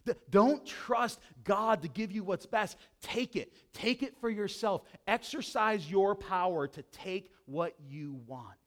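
Preaching man with a fairly high voice. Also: slow, few pauses. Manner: dramatic preaching, swings between loud emphasis and hushed intensity. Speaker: pastor. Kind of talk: sermon.

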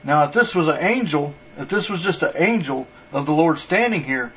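A man's voice: a little high, expressive, normal speed, fairly bright tone, breathy edge, dull audio. A man preaching a sermon in an earnest, repetitive way, restarting phrases for emphasis.

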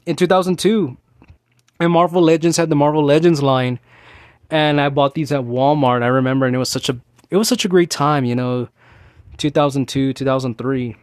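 A man's voice: mid-range voice, no echo, studio quality. A man in his thirties hosting a casual solo talk show, rambling and ranting, with many restarts and fillers. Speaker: podcast host.

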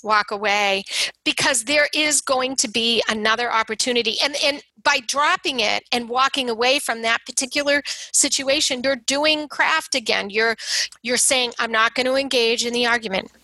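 A woman's voice: on the high side, moderate pace, sharp tone, no room sound, rough recording. A woman talking earnestly about supporting a son through substance use, often acting out quoted dialogue. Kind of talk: casual conversation on recovery support.

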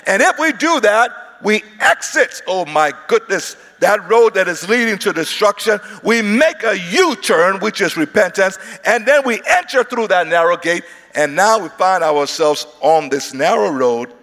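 A preacher delivering an emphatic sermon, repeating words and rising into shouts. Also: male voice, high voice, very animated, unhurried, vocal fry. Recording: hall reverb.

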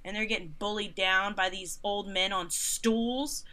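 Bright-voiced woman in her thirties. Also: medium pitch, unhurried. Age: 30s. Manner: animated, sarcastic retelling with mocking quoted voices. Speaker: concert photographer. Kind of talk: casual interview storytelling.

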